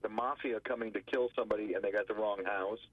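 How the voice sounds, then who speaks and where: Attorney guest calling in by phone, a husky man who acts out quotes, a muffled and dry line. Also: on the low side, fast, no echo. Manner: animated storyteller acting out quotes. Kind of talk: radio phone interview storytelling. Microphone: telephone.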